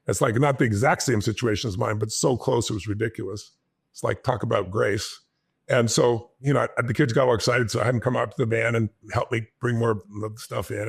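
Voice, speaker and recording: A man, a guest on an interview show, telling a personal story with animated energy and acting out his own past lines. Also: mid-range voice, creaky, breathy edge.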